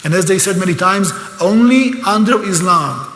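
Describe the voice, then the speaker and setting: A man's voice: sits high, lively intonation, moderate pace, fairly bright tone. An older man with an Israeli accent giving a live seminar lecture, emphatic and sarcastic, at times openly emotional. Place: lecture hall. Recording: echoey hall.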